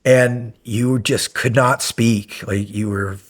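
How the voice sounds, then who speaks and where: A man guest recounting a story in casual conversation, animated and acting out remembered dialogue with laughs along the way. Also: mid-range voice, slow. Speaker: guest, former special operations medic.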